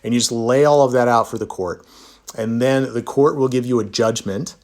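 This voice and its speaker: A man's voice: mid-range voice, moderate pace, a little mellow. A man, a divorce attorney, chatting casually in a live Q&A, reading viewer comments aloud and answering with easygoing, self-deprecating humor. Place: Utah.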